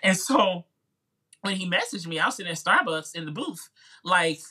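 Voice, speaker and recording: Chatty bright-voiced man with Midwestern twang. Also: high voice, lively intonation, moderate pace, slightly rough. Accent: Midwestern American. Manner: chatty, informal, acts out quoted voices. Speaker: music YouTuber and coach, podcast guest. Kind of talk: casual interview storytelling.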